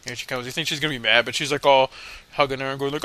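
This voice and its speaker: A man's voice: medium pitch, steady tone, racing, bright, forceful tone, no room sound. A man casually commentating a video game playthrough, rambling and mumbling with lots of fillers and irreverent jokes. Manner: joking, irreverent. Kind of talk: casual let's play commentary.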